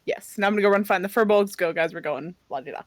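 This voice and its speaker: A woman's voice: medium pitch, fast, no room sound. A woman playing a tabletop game, chatty and playful. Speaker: player. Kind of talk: casual tabletop play.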